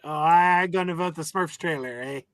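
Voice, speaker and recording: A man on a live-stream panel, chatting casually in a drawn-out, teasing way. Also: fairly high pitch, fairly bright tone, no echo.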